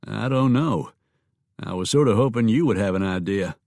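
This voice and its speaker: A man's voice: lowish voice, moderate pace, vocal fry, a little mellow, no room sound, studio quality. A man voicing an easygoing gunfighter and husband in a Western audiobook.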